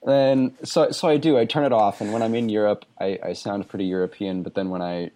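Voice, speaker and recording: A man's voice: lowish voice, steady tone, brisk, dark tone. A man from Texas with a Texan accent, hosting a casual podcast chat in a laid-back, self-deprecating way. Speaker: podcast host.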